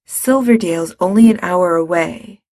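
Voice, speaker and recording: A woman's voice: fairly low pitch, moderate pace, mellow, dry recording, clean studio sound, close to an everyday voice. Woman voicing a stubborn, protective young man. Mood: determined. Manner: firm, blunt.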